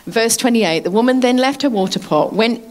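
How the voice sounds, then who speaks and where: Lady preacher, fairly high voice, talks casual and laughs a lot, keeps asking "isn't that right". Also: normal speed. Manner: chatty, lively, laughing often, asking the audience for agreement. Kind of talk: sermon.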